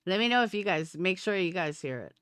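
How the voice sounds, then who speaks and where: A woman's voice: fairly low pitch, expressive, fast talker, a bit bright, clean tone, dry recording, clean studio sound. A woman live streamer ranting at her viewers, profane and combative. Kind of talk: livestream rant.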